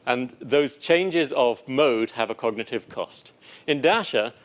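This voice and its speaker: A man lecturing and demonstrating software to an audience, lively and playful, with animated asides. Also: medium pitch, slow. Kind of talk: live technical talk with demo.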